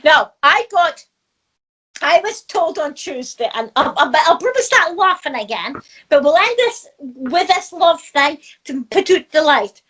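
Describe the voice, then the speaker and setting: Scottish woman, middle-aged, high bright voice, chatty spiritual teacher who laughs a lot. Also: unhurried. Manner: lively storyteller who laughs often. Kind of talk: casual chat.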